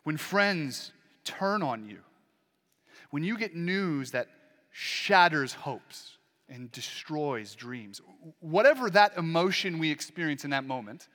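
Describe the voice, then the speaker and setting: A man preaching a Sunday sermon as a pastor, earnest, with dramatic pauses and sudden swings between loud and soft. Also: on the high side, sing-song, long reverb tail.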